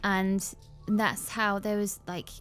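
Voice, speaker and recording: A woman's voice: medium pitch, little pitch movement, slow pace, fairly bright tone, faint music behind. A woman chatting casually on a livestream, rambling with frequent laughs.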